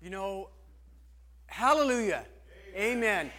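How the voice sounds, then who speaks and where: Man preaching, high voice, earnest and conversational, restarts sentences. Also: expressive, slow pace, pushed and bright. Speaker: pastor. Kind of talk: sermon.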